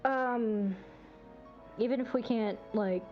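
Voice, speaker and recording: A woman's voice: on the high side, slow, faint music behind. Casual woman player on lo-fi audio. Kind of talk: casual game chat.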